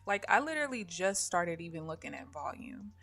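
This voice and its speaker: A woman's voice: fairly low pitch, brisk, creaky. Woman casually thinking aloud on stream. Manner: relaxed, rambling, thinking aloud. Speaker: day trader streaming live. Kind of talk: casual live-stream commentary.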